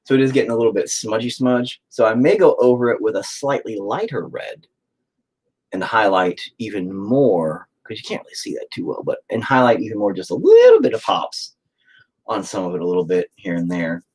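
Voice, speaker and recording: Husky guy rambling and cussing while he paints, voice bounces all over. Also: on the low side, wildly swooping pitch, fairly quick, warm tone, rough recording. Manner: rambling, profane, joking. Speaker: streamer painting on camera. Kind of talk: casual chat while painting.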